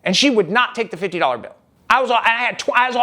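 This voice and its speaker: Vlogger, male, high register; emphatic, rambling first-person storytelling with restarts. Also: big pitch swings, brisk, bright, forceful tone.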